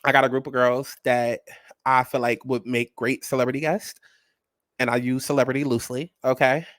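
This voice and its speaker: A man hosting a casual commentary vlog, talking in a sassy, animated and blunt way and swearing freely. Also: medium pitch, brisk, no echo, studio quality. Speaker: host.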